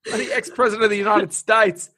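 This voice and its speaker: A man's voice: high-pitched, flat delivery, a little fast, pushed and bright. An Australian man hosting a podcast, telling a story in a chatty, laughing way with plenty of fillers. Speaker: podcast host. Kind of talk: casual storytelling chat.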